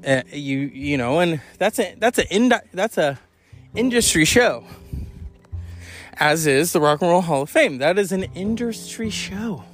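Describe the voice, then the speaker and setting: Male podcast host, high voice, rambling and candid, swears freely, faint music underneath. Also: expressive, measured pace. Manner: rambling, candid, profane, with sighs and yawns. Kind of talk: casual monologue.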